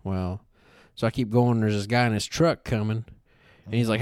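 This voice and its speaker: A man's voice: fairly low pitch, normal speed, few pauses, clear, resonant tone, dry recording, clean studio sound. A man, co-hosting a podcast and telling a story in casual chat, swearing a lot and filling his sentences with "like". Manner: animated storytelling, heavy swearing, frequent fillers. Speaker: podcast co-host.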